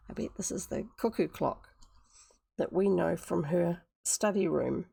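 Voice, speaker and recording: A woman's voice: fairly low pitch, a little slow, gravelly, mellow, breathy edge. A woman with a New Zealand accent, reading a classic book aloud on a livestream, adding chatty asides and stopping to explain words. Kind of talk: live-streamed book reading.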